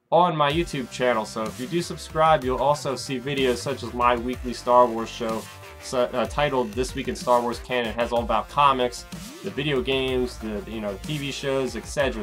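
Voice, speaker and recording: A man talks casually to his viewers as host of his own weekly recap show. He speculates freely and keeps calling out "guys" between points. His voice sits at an average pitch. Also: a bit bright. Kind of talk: casual chat to the camera.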